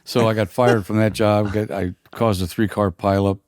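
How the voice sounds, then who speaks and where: An older man with a husky voice, telling a rambling, halting story full of fillers as a podcast guest. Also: fairly low pitch, steady tone, a little mellow, no room sound, clean studio sound. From United States. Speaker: guest musician. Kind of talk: casual storytelling.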